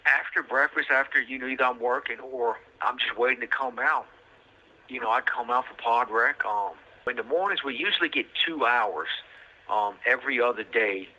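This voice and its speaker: Brief: man with a bright, husky voice spinning a loose, slangy story over a tinny phone line. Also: medium pitch, normal speed. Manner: rambling, street slang, many fillers. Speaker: podcast host telling his own story. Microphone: prison phone line.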